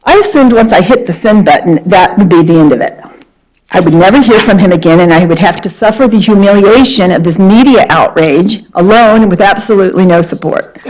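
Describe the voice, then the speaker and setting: Animated woman lawyer telling a story. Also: medium pitch, brisk, poor audio. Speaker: trial lawyer, guest speaker. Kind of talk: storytelling lecture.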